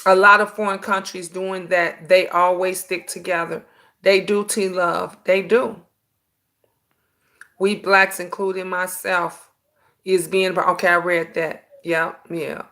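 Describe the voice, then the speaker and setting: A woman's voice: fairly low pitch, takes it slowly. A woman in her fifties hosting a casual live-stream chat, telling stories animatedly and calling listeners "honey.". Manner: animated storytelling, sassy, says "honey" often. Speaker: host.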